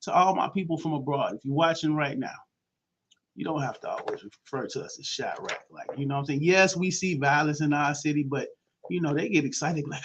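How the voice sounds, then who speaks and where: Gravelly slangy radio host man. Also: sits high, brisk, highs cut off, a little hiss or hum. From Chicago. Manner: loose slangy banter with shout-outs. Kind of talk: casual morning radio talk.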